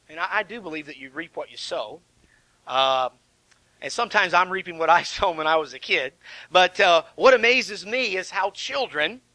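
A man's voice: high voice, bright, forceful tone, no room sound, low-quality recording. A middle-aged man preaching a sermon as pastor, in a folksy, conversational way with many fillers and restarts.

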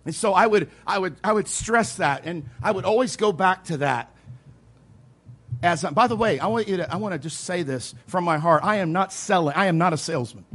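A man with a high-pitched voice delivers a sermon as a pastor. He talks earnestly, drives points home by repeating them, and drops into quiet asides between louder stresses. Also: fairly quick. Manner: earnest preaching, emphatic repetition, occasional soft laughs; swings between loud emphasis and quiet asides.

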